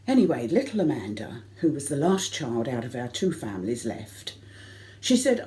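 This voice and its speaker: A middle-aged woman telling a comic personal anecdote to a concert audience, lively and self-mocking. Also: rumbling low, normal speed. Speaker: variety concert performer.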